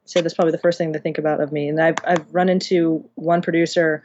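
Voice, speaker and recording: A woman's voice: low-pitched, level tone, fast, darkish tone, highs cut off, a little hiss or hum. A woman being interviewed about audiobook engineering, talking in a chatty, rambling way with many restarts. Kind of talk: casual interview chat.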